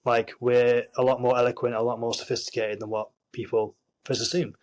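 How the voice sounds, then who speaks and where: Man, Yorkshire accent, interview guest, earnest, frequent restarts, mid-range pitch. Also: flat delivery, fairly quick, poor audio. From Yorkshire, England. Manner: earnest, many restarts and fillers. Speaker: actor and screenwriter, guest. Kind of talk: casual interview chat.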